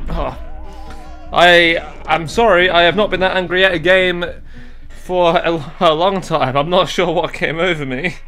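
A young man commentating a video game, excitable and jokey, yelling and swearing at it and talking himself down between fits. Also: high-pitched, a little slow, soft background music. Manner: talks to himself, jokey asides. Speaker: gaming YouTuber. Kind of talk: let's play commentary.

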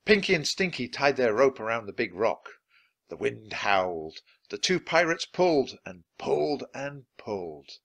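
Man, children's book read-aloud, lively pitch, gravelly edge. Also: unhurried. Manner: expressive, animated. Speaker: audiobook reader.

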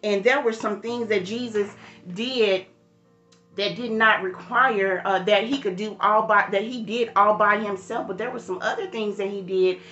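A woman's voice: medium pitch, steady tone, moderate pace, bright, forceful tone, echoey room, dull audio, soft background music. A woman leading a livestreamed morning devotional, preaching with rising emphasis and greeting viewers in the chat by name. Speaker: church devotional leader.

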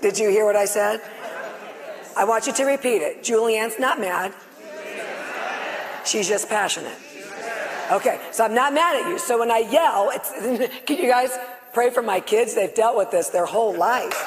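A middle-aged woman on stage, giving a loud, passionate, excitable testimony to a live audience. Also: on the high side, moderate pace, some chatter behind. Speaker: guest speaker sharing her healing testimony. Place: on stage before a live audience in a large hall. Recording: long reverb of a large hall.

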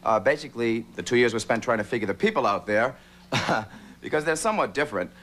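A man from Boston doing an animated stand-up routine on a TV studio stage. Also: mid-range voice, fast. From Boston, Massachusetts. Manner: animated, does many character voices. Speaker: stand-up comedian. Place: TV studio stage with live audience.

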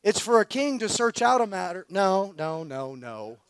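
A man preaching at a conference, telling a story in a loose, slangy and energetic way, full of fillers. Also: high-pitched, normal speed. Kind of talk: storytelling sermon.

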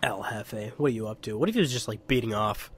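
A man's voice: on the low side, quick pace, a little hiss or hum. A young man giving casual, joking gameplay commentary as a let's play host, laughing and swearing.

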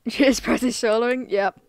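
A woman streaming a game live, talking casually to viewers, excitable and giggly, full of slang. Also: on the high side, slow pace, creaky, no room sound. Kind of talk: casual live gameplay commentary.

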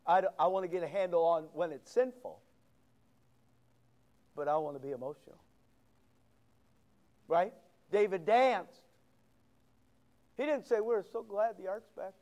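High-voiced preaching man. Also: a little slow, long pauses, darkish tone. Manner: preaching with big swings of emphasis, quoting scripture. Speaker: pastor. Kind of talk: sermon.

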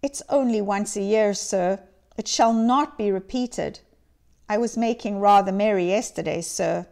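A woman's voice: medium pitch, a little slow, a little mellow, natural voice. A woman voicing a timid male clerk apologizing to his employer in a dramatic reading. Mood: apologetic. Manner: humble, apologetic.

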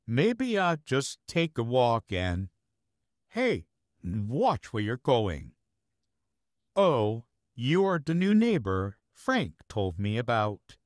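A man's voice: mid-range voice, no room sound, clean studio sound, exaggerated voice. A man voicing a rude, irritable mailman who insults the listener, in a listener role-play.

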